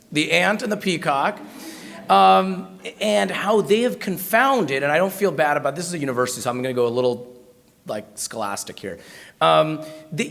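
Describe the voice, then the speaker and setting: A man's voice: on the high side, vocal fry, fairly bright tone. An American man giving a storytelling talk at a university, chatty and self-mocking, with lots of fillers and restarts. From United States. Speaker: guest speaker at a university.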